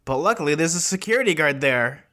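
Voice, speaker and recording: A man's voice: on the high side, expressive, fast, bright, forceful tone. Man co-host, easygoing, given to mock-dramatic reactions. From America. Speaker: podcast co-host. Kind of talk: casual chat recapping a book.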